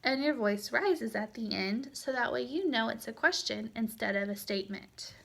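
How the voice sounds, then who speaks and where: Patient female Spanish teacher, gravelly tone. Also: a little high, normal speed, fairly bright tone. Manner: patient explaining with frequent fillers. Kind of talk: recorded lecture.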